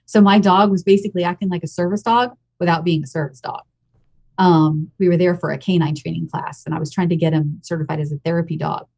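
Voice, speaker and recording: An American woman in her fifties, a podcast guest, tells her own story frankly, emotionally and bluntly. Her voice is on the low side, steady, creaky and a little mellow, and she talks fast.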